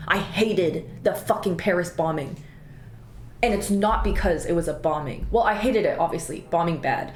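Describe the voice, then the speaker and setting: A young adult woman streamer in casual chat, telling stories animatedly with big jumps in pitch, swearing often and laughing. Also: moderate pace. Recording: roomy echo with faint background music.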